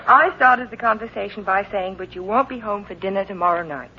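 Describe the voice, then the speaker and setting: A woman's voice: mid-range voice, a little fast, natural voice. An actress playing a playful wife in a radio comedy who teases and coaxes her husband. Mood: coaxing. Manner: playful, coaxing, light. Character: teasing young wife, playful and persistent. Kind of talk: 1940s radio comedy acting. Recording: dull old radio recording with faint hiss.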